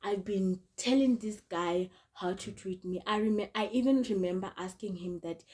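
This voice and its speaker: A woman's voice: medium pitch, moderate pace, few pauses, mellow. A young woman, telling a storytime vlog in a chatty way, repeating herself and often calling out to her viewers. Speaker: vlogger.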